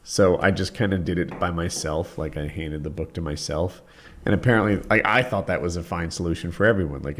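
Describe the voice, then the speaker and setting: A man's voice: deep voice, brisk. A man, a podcast co-host telling a school story in a wry, laid-back way. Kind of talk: casual chat.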